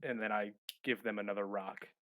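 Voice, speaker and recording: A man playing a tabletop role-playing game, narrating his character's actions in a halting way, with many fillers. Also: on the low side, steady tone, fairly bright tone, dry recording. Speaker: player.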